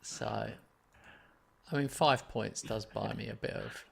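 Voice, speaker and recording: A man's voice: on the low side, slow pace, creaky, husky. A man streaming a football management game, chatting and teasing his co-player. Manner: banter-filled, animated, teasing. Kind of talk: casual gaming chat.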